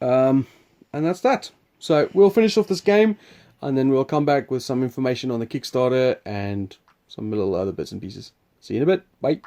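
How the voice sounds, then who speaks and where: A man with a mellow, medium-pitched voice hosts a board game preview at a moderate pace. He explains the game casually, rambling, chuckling, and restarting his sentences.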